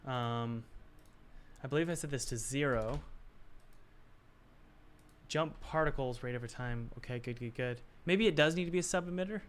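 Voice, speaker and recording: A man's voice: medium pitch, moderate pace, pauses often. Man muttering through a puzzling task. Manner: muttering to himself, puzzled, self-talk with sighs. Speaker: game developer. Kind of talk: thinking aloud while working.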